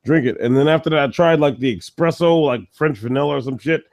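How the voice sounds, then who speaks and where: A man's voice: on the high side, fast, a little mellow. A man in a casual group chat, blunt and profane, dismissive in tone.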